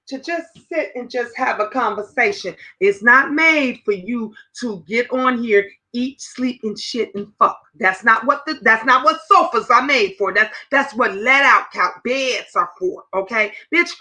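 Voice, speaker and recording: A woman in her fifties hosting a casual livestream chat, animated and talking straight to her viewers. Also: fairly high pitch, rough recording. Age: 50s. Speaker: livestream host.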